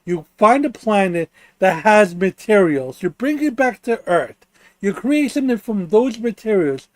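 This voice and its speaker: A man's voice: sits high, sing-song, a little slow, no room sound. A man hosting a stream, bantering playfully and arguing his point in casual chat. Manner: playful, argumentative, talks while chewing. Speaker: stream host.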